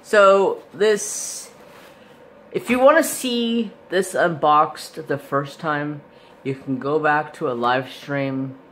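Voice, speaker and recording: A man's voice: fairly high pitch, slow pace, a bit bright, slight background noise. A man hosting a casual craft unboxing vlog, chatty and rambling with lots of fillers and self-corrections, his voice a little stuffy as he recovers from being sick. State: slightly stuffy, recovering from illness. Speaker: craft channel host.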